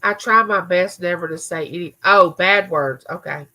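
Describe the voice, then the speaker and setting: A woman's voice: on the low side, moderate pace, bright, forceful tone, low-quality recording. A woman hosting a casual live chat from her home recording room, reading viewer comments aloud and answering people by name. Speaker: livestream host.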